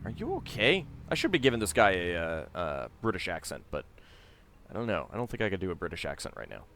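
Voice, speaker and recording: A man's voice: sits low, sing-song, fast talker, a bit bright, a little hiss or hum. A man casually commenting while playing a point-and-click game, reading its lines aloud with chatty asides. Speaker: let's play host.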